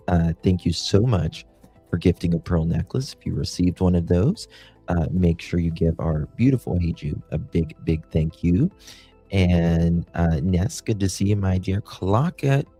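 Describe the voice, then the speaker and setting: Male livestream host, deep mellow voice, chatty and halting with fillers. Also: slightly rough. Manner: thanks viewers one by one, affectionate pet names. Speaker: host of a true crime livestream. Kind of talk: casual livestream chat.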